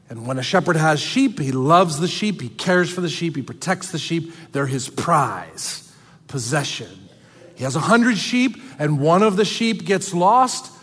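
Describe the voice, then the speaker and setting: A man preaching a sermon as pastor, earnest and dramatic, dropping suddenly soft for emphasis. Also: on the high side, long reverb tail.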